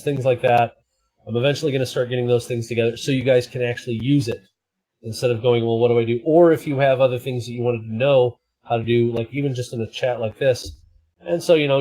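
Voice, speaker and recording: A man chats casually on his live stream, rambling from one aside to the next. His voice sits at a middling pitch and his manner is playful and loose. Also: mellow, poor audio.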